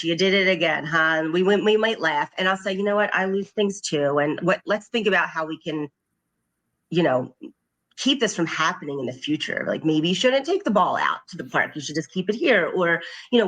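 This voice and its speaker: A woman's voice: lowish voice, fairly bright tone. A middle-aged woman, a parent coach, talking earnestly and reflectively in a podcast interview, often quoting what she says to her children. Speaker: guest, parent coach and occupational therapist.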